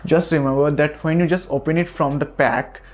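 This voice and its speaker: A man's voice: on the high side, fairly even intonation, normal speed. A man giving a product review of a microphone, talking earnestly and reassuring the listener again and again, recorded on a USB desk mic. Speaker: tech reviewer.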